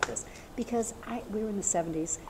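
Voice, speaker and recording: A woman's voice: medium pitch, quick pace. A woman in the audience asks a question, hesitating and filling the gaps with many ums and uhs. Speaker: audience member asking a question. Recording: noisy audience recording.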